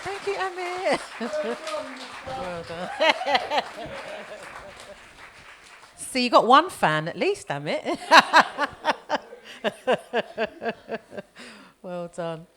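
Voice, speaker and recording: A woman's voice: fairly high pitch, very animated, drawn-out words, pauses often, noisy background. A woman hosting a community poetry showcase, chatty and laughing often as she brings readers up. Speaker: event host. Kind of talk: live event compering.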